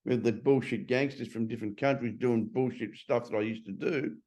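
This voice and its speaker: A man's voice: medium pitch, fairly even intonation, brisk, darkish tone. An Australian man hosting a casual podcast chat, telling blunt stories with some swearing.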